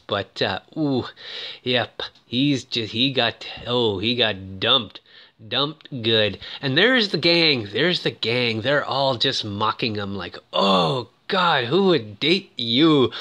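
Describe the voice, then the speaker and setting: Man, casual movie recap, lively up-and-down pitch, jokey asides. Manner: joking, animated asides with frequent "ooh". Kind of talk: casual commentary.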